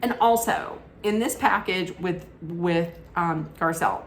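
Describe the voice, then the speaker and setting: A woman's voice: fairly low pitch, measured pace, roomy sound, slight background noise. A woman giving an opinionated, casual recap rant about a reality show, often restarting her sentences. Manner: opinionated, frequent restarts and asides.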